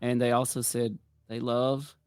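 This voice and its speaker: A man's voice: medium pitch, flat delivery, measured pace, a little mellow, smooth, no room sound, clean studio sound. A man hosting a podcast, chatting casually and promoting a book. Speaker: podcast host.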